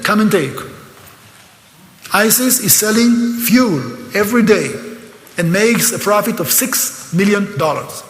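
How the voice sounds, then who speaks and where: A man's voice: high-pitched, a bit bright. An older man with an Israeli accent giving a live seminar lecture, emphatic and sarcastic, at times openly emotional. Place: lecture hall. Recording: echoey hall.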